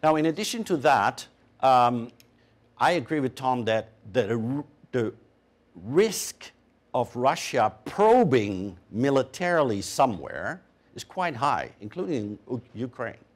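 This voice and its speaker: Guy on a panel, talks in measured bits w lots of ums, pitch moves around a lot. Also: big pitch swings. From Canada. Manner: measured, hesitant with fillers. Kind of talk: panel discussion answer.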